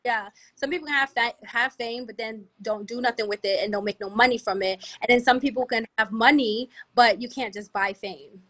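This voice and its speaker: Brief: brash young woman from the DMV, bright voice, slightly high, laughs a lot. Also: fairly quick, few pauses. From DMV area, US. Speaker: music artist guest. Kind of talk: casual interview chat.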